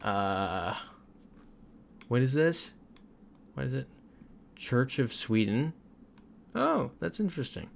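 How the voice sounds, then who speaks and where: A man's voice: mid-range voice, big pitch swings, slow, gravelly, long pauses, a little hiss or hum. A young man from Florida, chatting casually on a livestream while he plays, reading out viewer comments and laughing often. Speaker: streamer.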